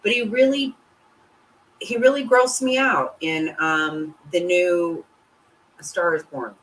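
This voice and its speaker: Slow and blunt, a woman runs a casual livestream, cursing nonstop as her pitch swings around animatedly. The recording is rough.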